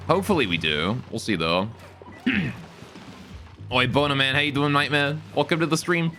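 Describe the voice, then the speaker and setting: A man's voice: mid-range voice, animated, moderate pace, sharp tone, soft background music. A man streaming a game live, joking with his chat while he plays. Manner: joking, chats with viewers while playing.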